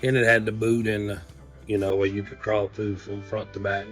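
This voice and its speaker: A man tells a road story plainly and dryly. His voice sits fairly low. Faint music plays underneath him. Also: flat delivery, normal speed, fairly bright tone. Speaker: interviewee, friend. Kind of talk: storytelling in a casual interview.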